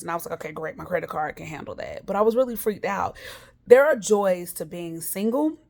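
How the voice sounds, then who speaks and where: A woman hosting a podcast, telling her week's story in a candid, chatty way and talking straight to her listeners. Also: fairly low pitch. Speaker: podcast host. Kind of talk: casual storytelling monologue.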